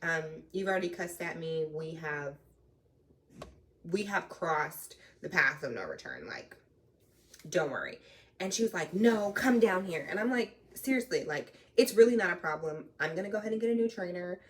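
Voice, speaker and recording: Young woman, casual storytelling, lively and cussing, low voice, mic a little far off. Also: moderate pace. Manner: animated, acts out both sides of the argument, swears. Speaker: trucking vlogger.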